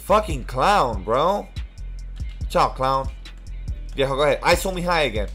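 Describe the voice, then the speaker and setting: A man's voice: mid-range voice, big pitch swings, measured pace, sharp tone, slightly rough, faint music behind. A young man streaming a basketball video game, cursing and trash-talking his opponent while thanking viewers for donations. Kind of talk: live game stream commentary.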